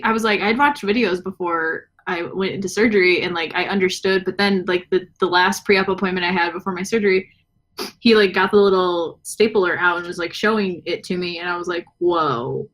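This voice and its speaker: A woman's voice: medium pitch, a bit bright. A young adult woman chatting as a podcast guest, laughing often and acting out quoted dialogue as she tells a story. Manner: giggly storyteller who acts out quoted dialogue. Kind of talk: casual podcast chat.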